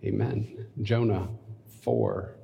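A man's voice: fairly low pitch, steady tone, extremely slow, vocal fry, mellow, husky, lo-fi sound. A man preaching and reading scripture aloud, breaking in with conversational asides and leading a prayer. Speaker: pastor. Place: church hall. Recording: long hall reverb.

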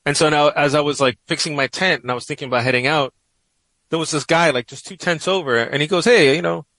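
A man's voice: on the high side, quick pace, pushed and bright, no echo, low-quality recording. Male guest, 40s, from New York, reflective storyteller who rambles, dry studio sound. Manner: reflective, rambling, many "you know"s. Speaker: guest columnist. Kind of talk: personal storytelling in a radio interview.

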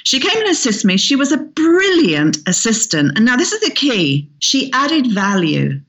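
A woman, a hairstylist guest in an interview, telling anecdotes in an energetic, emphatic way and repeating words for stress. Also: a little high, normal speed. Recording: slightly muffled lo-fi audio.

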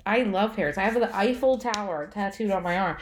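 A woman's voice: mid-range voice, fairly quick, roomy sound, a little hiss or hum. A woman co-hosting a podcast, telling stories in casual chat and laughing often. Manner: chatty, laughs often, animated storytelling. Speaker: podcast co-host.

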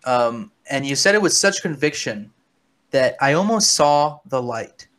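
A man's voice: medium pitch, expressive, measured pace, fairly bright tone. A man hosting a comedy podcast, speaking with mock seriousness, conspiratorial and stumbling over repeated words. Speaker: podcast host. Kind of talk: comedic deadpan chat.

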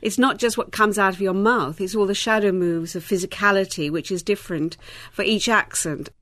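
A woman voice coach explaining in an interview, with a measured, explanatory manner. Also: mid-range voice, a bit bright, no echo, clean studio sound. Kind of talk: interview clip.

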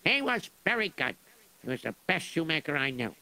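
A man's voice: a little high, very animated, a little fast, vocal fry, pushed and bright, rough recording. A man telling a story in a radio drama in a rambling, casual way.

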